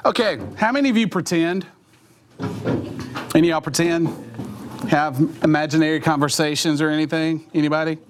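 Youth pastor guy, higher voice, jokey and chatty, keeps asking the room stuff. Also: fairly quick, pauses often, noisy background. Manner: lively, joking, asks the room questions. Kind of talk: live Bible study sermon.

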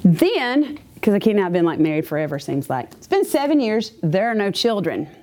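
Lively woman telling a church testimony. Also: medium pitch, a little fast, a little hiss or hum. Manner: chatty, animated storytelling with asides. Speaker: church member giving a testimony. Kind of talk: personal testimony to a church congregation.

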